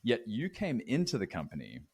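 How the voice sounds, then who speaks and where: Low-voiced Australian man hosting. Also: fairly quick, slightly rough. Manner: affirming, relaxed. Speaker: podcast host. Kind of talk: interview conversation.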